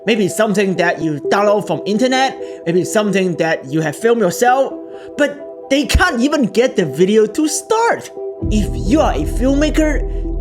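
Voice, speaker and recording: A man hosting a tech channel, narrating a product tutorial in earnest, explanatory short sentences. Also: high voice. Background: background music.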